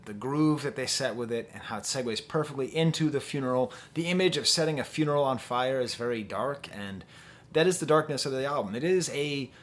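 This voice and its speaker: Guy doing a casual record review at home, lots of uh and um, mid pitch, talks right to the camera. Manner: chatty, thinking aloud with fillers and restarts. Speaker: music reviewer.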